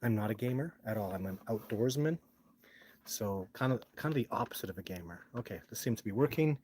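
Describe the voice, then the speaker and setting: A man's voice: on the low side, animated, a little fast, a little mellow. Man, live stream host, frustrated rambling delivery, close phone mic with faint noise. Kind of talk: casual live stream talk.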